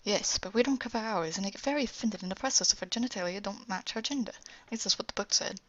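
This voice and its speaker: A woman's voice: mid-range voice, quick pace, fairly bright tone, close to an everyday voice. A woman voicing an impatient, fussy male alien who explains things in a hurry, on a lo-fi recording. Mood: hurried. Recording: dull lo-fi home recording.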